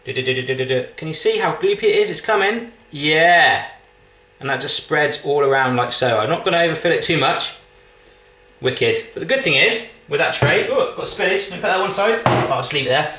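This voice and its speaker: A man's voice: a little high, lively intonation, moderate pace, bright, forceful tone, echoey room. A man chatting playfully while cooking in his home kitchen, full of cheeky asides. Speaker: cooking vlogger. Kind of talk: jokey cooking video chat.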